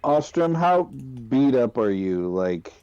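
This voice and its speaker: A man playing a tabletop game, slowly narrating his character's actions. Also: medium pitch, big pitch swings, dark tone, no echo, muffled recording. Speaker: player. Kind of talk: casual tabletop play.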